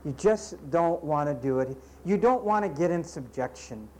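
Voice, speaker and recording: A man preaching with a high-pitched voice. He scolds his listeners emphatically, repeating himself for effect, and slips into sarcastic asides. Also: expressive, normal speed, a little mellow, a little hiss or hum, poor audio. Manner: sarcastic asides and mocking impressions. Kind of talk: sermon.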